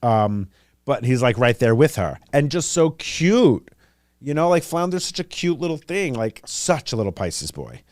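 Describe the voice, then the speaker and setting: A man hosting a podcast, rambling casually with lots of fillers and an animated delivery. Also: medium pitch, unhurried, dry recording, studio quality. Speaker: podcast host. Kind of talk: casual chat.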